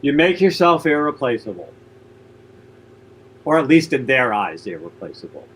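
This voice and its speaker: A man's voice: on the high side, very animated, a little slow, a bit bright, rough recording. A male talk show host with a slightly raised voice speaks earnestly and enthusiastically to his guest. He tends to repeat his phrases for emphasis, with a faint hiss of noise behind him. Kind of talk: radio interview chat.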